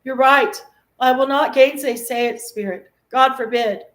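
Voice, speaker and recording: Lady reading as an old miser guy, pitched up and loud, gushing, echoey room. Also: takes it slowly. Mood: moved. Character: old male miser, wistful and easily stirred.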